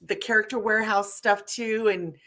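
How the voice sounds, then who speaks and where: A woman hosting a live online chat, telling stories in an animated, chatty way. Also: mid-range voice, moderate pace. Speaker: livestream host. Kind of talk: casual chat.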